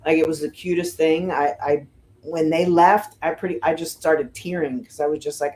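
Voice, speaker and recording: A middle-aged woman from the United States, a fire lieutenant, telling stories casually in an interview, with lots of "you know" and "um" and lively voices for the people she quotes. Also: sits low, normal speed. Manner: chatty, fills with "you know" and "um", animated retelling of quotes. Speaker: firefighter lieutenant and guest.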